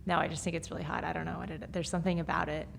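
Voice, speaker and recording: A woman's voice: low-pitched, little pitch movement, rapid-fire, vocal fry, slight background noise. A woman hosting a podcast, chatting and laughing as she tells stories. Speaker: podcast host. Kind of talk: casual podcast chat.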